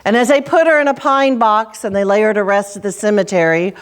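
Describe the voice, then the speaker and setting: A woman minister preaching a sermon, telling stories with dramatic pauses and dropping low for quoted lines. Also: smooth. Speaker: senior minister. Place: church sanctuary.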